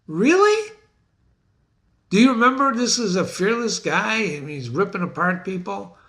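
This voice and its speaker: Animated, unhurried literature teacher, male. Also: high voice. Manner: questions the listener and rephrases quotes in plain words. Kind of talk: lecture on a play.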